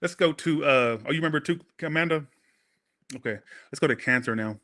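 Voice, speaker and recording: A man gives a casual tarot reading in a fairly high, slightly bright voice, talking fairly quickly. He rambles off-topic, swears freely, speaks directly to his viewers, and keeps apologizing to them.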